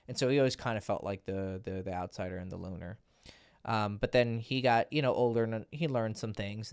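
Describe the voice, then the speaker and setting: A man's voice: lowish voice, clean tone, no room sound, studio quality. A man working as a dating coach, telling a client story in a blunt, casual, profane way.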